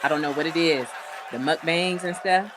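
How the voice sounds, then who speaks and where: A woman who is a guest on a live stream, chatting casually and quick to laugh. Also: deep voice, fairly bright tone, slight background noise.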